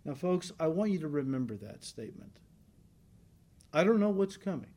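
A man's voice: fairly high pitch, very animated, normal speed, warm tone. A male pastor giving an earnest, emphatic sermon to a congregation in church. He repeats key lines for stress and often checks in with "right?".

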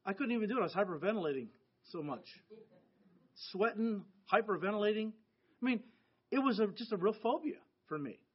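A man's voice: high-pitched, animated, fairly quick, husky. A middle-aged American man preaching a sermon to his church in an earnest, conversational way. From United States. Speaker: pastor. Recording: dull lo-fi sound.

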